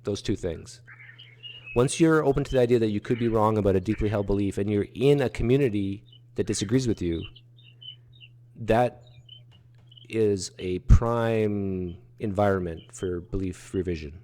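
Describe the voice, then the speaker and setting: A man's voice: lowish voice, normal speed, dark tone. A man in a casual podcast discussion, emphatic and pushing back with questions.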